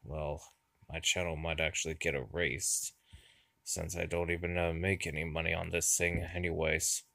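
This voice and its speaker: A man talking casually to his channel in a halting, weary way, sighing often and stopping on fillers. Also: low voice, little pitch movement, vocal fry, pushed and bright, no room sound. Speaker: YouTuber. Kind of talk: casual vlog monologue.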